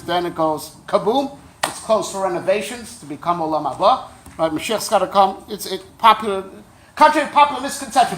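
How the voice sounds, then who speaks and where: There's a little hiss or hum behind this man's high, fairly bright voice as he teaches Torah as a rabbi. He keeps it conversational, checks in often with "right?", and slips in wry, joking remarks.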